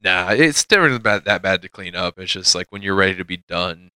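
A man's voice: low-pitched, animated, brisk, sharp tone, clean tone, dry recording. A young man hosting a podcast in loose, rambling casual chat, swearing and laughing often. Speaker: podcast host.

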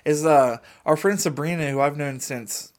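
A man's voice: a little high, normal speed. A young man from the chatting casually and recounting an anecdote with frequent laughter. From Cincinnati, USA. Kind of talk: casual chat.

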